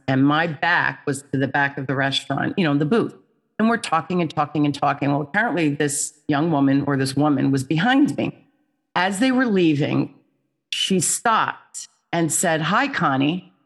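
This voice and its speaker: A middle-aged woman, a guest on a podcast, telling a story in an animated, expressive way. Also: sits low. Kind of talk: storytelling in an interview.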